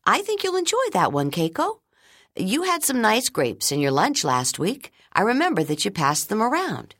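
A woman voicing a kind, patient schoolteacher in an audiobook, speaking gently and reassuringly. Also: medium pitch, huge pitch swings, moderate pace, no room sound, clean studio sound, voice pushed up. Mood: gentle. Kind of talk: audiobook character reading.

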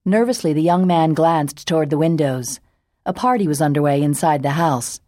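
A woman narrating a romance audiobook in an even storytelling manner. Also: deep voice, fairly quick, no room sound, clean studio sound. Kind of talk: scripted narration.

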